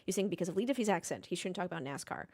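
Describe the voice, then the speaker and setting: Lively, profane woman co-host. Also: lowish voice, rapid-fire. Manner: blunt, profane and animated. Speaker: podcast co-host. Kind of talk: casual chat.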